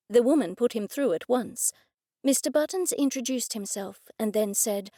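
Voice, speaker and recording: A woman narrating an audiobook in a measured storytelling way. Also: a little high, mellow, no echo, studio quality. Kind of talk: scripted narration.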